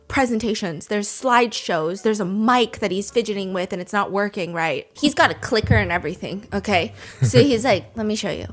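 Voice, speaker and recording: A young woman hosts a casual podcast, telling a story in a lively, chatty way. Her voice sits a bit high, and she laughs often and slips into acted-out quotes. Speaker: podcast host.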